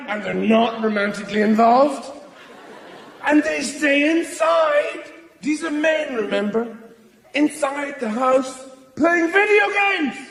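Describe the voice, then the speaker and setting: A man's voice: extremely high pitch, vocal fry, noisy background. A middle-aged man performing stand-up on a theatre stage, rambling and mock-indignant. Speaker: stand-up comedian. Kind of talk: stand-up routine. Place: large theatre stage before a live audience. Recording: echoey hall with audience laughter.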